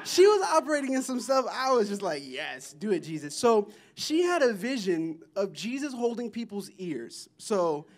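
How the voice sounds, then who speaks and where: A man with a notably high voice shares testimonies from a mission trip before a church. He tells the stories with excited, animated energy, often breaking into laughter. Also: moderate pace, hardly any pauses. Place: church service.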